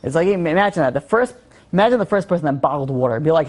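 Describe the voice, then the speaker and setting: Animated man giving an informal Torah talk. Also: on the high side, fast. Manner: animated storytelling with frequent restarts. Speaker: Torah teacher.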